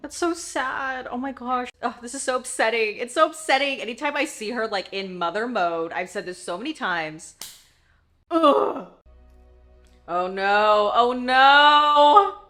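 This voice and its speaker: A woman's voice: fairly high pitch, moderate pace, few pauses, a bit bright, faint music behind. A woman casually reacting to a TV episode, chatty and emotional, with lots of filler words. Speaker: TV show reaction host.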